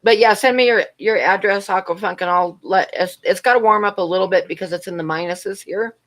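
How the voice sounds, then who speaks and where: A woman's voice: mid-range voice, fairly quick. A middle-aged woman rambling through a story on her livestream and answering chat in between. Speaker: livestream host.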